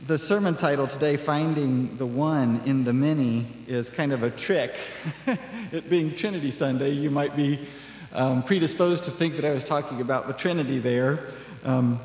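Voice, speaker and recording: A male pastor preaching a sermon in a relaxed, conversational way, full of asides. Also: mid-range voice. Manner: conversational, animated, acts out quoted voices with laughs. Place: church sanctuary. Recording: echoey church hall.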